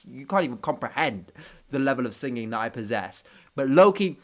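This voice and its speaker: A man's voice: medium pitch, very animated, a little fast. A man with street hosting a reaction video, ranting casually with profanity and self-mocking jokes.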